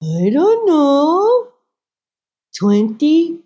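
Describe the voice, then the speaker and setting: A woman voicing her elderly immigrant mother, who speaks in slow, clipped, halting English and keeps a matter-of-fact tone. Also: sits high, huge pitch swings, dark tone, muffled recording, pitched above the performer's own voice, heavily acted.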